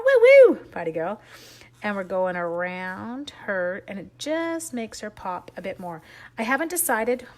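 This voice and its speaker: A middle-aged woman from Canada hosts a casual crafting tutorial, talking loosely and steadily as she colors, cuts and ties ribbon. She chats to the viewer as she goes and laughs at her own fumbles. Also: mid-range voice. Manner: chatty, self-deprecating, talks while working with her hands. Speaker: stamping and card-making demonstrator.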